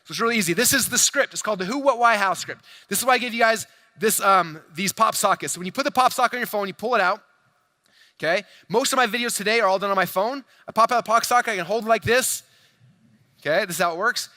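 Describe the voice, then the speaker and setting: Man, keynote speaker, fast and hyped, high bright voice, dry close sound. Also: no echo. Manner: fast, hyped, addresses crowd directly, acts out quoted dialogue. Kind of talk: energetic stage presentation. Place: large convention hall stage.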